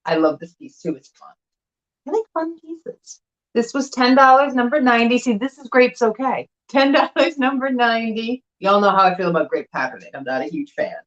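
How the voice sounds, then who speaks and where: A woman's voice: fairly high pitch, expressive, a little fast, highs cut off. A woman chatting casually and enthusiastically while presenting items for sale, laughing often. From not from the South. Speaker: co-host glass seller. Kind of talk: casual live sale chat.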